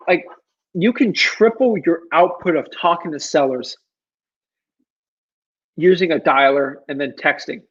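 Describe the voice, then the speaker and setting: A man's voice: fairly high pitch, unhurried, long pauses, slightly rough, muffled recording. A man hosting a casual livestream Q&A, rambling and pleading, with many ums and restarts. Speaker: livestream Q&A host.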